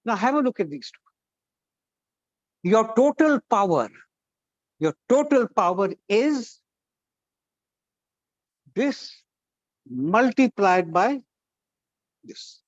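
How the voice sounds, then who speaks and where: A man's voice: sits high, very animated, extremely slow, pauses often, no echo, lo-fi sound. A man leading a college workshop, coaxing students and firing questions at the class. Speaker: guest trainer at a college workshop. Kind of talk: interactive classroom talk.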